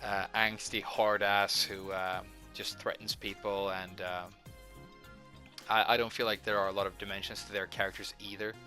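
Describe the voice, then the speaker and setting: Male host, hoarse and bright-toned, flat delivery, halting casual commentary. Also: on the low side, soft background music. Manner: hesitant, lots of filler words. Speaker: gaming video host.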